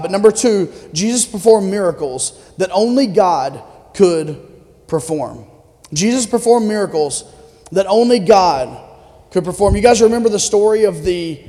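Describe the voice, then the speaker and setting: A pastor delivers a sermon in a fairly high, mellow male voice, keeping it conversational and asking his congregation questions along the way. His words ring out with a long reverb, as in a church sanctuary. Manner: conversational preaching with audience questions.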